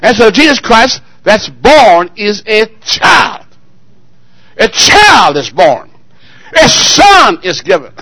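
A married man preaching a sermon, firing call-and-response questions at the congregation and swinging between loud exclamations and quiet asides. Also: sits high, husky, no room sound, poor audio. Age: adult, married.

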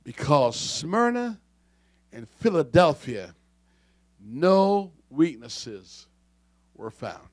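A man preaching a fiery sermon, dropping to quiet asides and rising to shouts. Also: fairly high pitch, sing-song, extremely slow, pauses often, dry recording.

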